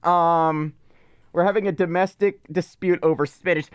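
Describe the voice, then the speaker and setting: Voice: medium pitch, fairly even intonation, moderate pace, clean tone, dry recording. A streamer from Mississippi, rambling in casual livestream chat and still coughing from being ill. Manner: rambling, playful, teasing. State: lingering cough.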